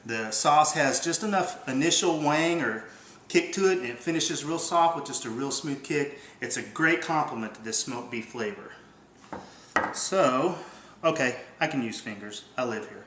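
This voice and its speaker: A man, hosting a casual cooking demonstration in a kitchen, talking in a relaxed, folksy, plain-spoken way. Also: mid-range voice, moderate pace, a little hiss or hum. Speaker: company host demonstrating cooking. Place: indoor kitchen. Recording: roomy kitchen echo.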